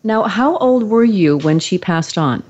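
A woman host interviewing a guest with gentle, probing questions. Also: medium pitch, expressive, measured pace, lo-fi sound.

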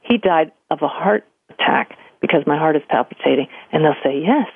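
A woman's voice: low-pitched, brisk, creaky, breathy edge, no echo. An older woman, a spiritual medium, telling stories in an interview and acting out the voices she quotes. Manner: animated storyteller, acts out quoted voices. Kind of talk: conversational interview storytelling. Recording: tinny phone-line audio.

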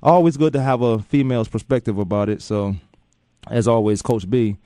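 A man's voice: mid-range voice, normal speed, warm tone, no echo, studio quality. A man hosting a sports talk radio show, joking and loose with slangy banter.

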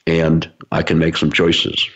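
A man's voice: a bass voice, completely flat delivery, takes it slowly, fairly bright tone, husky. A man giving an explanatory talk to a business audience, using everyday analogies with frequent fillers. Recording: dull lo-fi recording.

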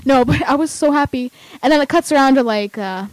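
A young woman chatting casually as a vlogger, excitable and rambling with lots of fillers. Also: high voice, fairly quick, dry recording, low-quality recording. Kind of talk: casual chat.

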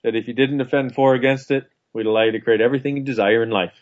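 A man co-hosts a radio talk show in an easy, joking manner and laughs often. His pitch sits mid-range, and the broadcast sound is a little dull. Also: steady tone, rapid-fire. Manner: chatty, joking, laughs easily. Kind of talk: casual chat.

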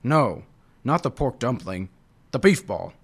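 Old male tiger guardian, grumpy, proud, gruff, man voicing, animated pitch, storybook reading. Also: unhurried, exaggerated voice. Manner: gruff, indignant.

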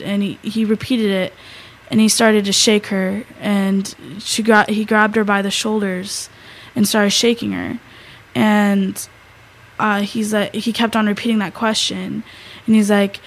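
A teenage girl co-hosting a talk show, telling a story in a halting way, with many fillers and restarts. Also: medium pitch, flat delivery, rough recording. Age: teens. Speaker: co-host. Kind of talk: casual storytelling.

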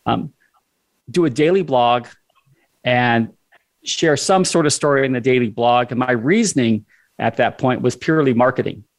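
A man's voice: medium pitch, moderate pace. Guy telling a personal story in a chat, medium voice, acts out what he and others said. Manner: conversational storyteller who acts out his own dialogue.

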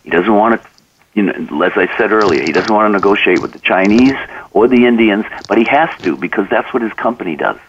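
A man's voice: fairly low pitch, lively intonation, brisk, distant mic, lo-fi sound, a little hiss or hum. A man being interviewed, earnestly telling anecdotes and acting out the conversations in them. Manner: earnest, acts out dialogue in anecdotes. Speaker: author and coach, interview guest.

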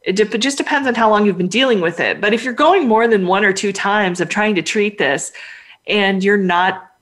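A woman's voice: mid-range voice, normal speed. A woman veterinarian in a casual podcast chat, talking at length and with emphasis while giving advice to pet owners.

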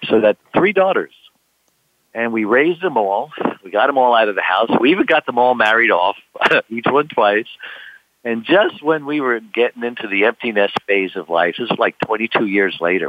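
A man's voice: fairly low pitch, dry recording. Older man telling a story over a tinny phone. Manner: rambling, with many "you know" fillers, acts out quoted voices. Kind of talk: casual storytelling. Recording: tinny phone line, dry.

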